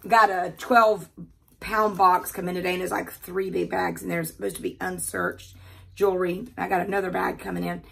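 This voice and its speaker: An older woman from the American South with a Southern accent, chatting casually and talking fast while she unboxes jewelry in her quiet bedroom. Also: lowish voice, little pitch movement, gravelly, slightly rough.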